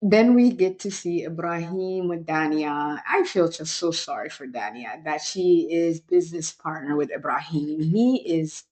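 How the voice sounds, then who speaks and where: A young woman recaps a reality show with lively disbelief and strong opinions, slowing down to lean on the words she stresses. Her voice sits a little lower than most women's. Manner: animated, incredulous, opinionated. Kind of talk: casual review vlog.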